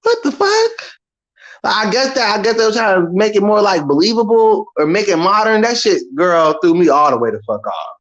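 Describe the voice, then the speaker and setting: Animated, profane man ranting. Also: sits high, a little fast, hardly any pauses, muffled recording. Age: about 30. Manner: animated, profane, dramatic, imitates screams. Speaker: vlogger. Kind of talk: casual storytelling rant.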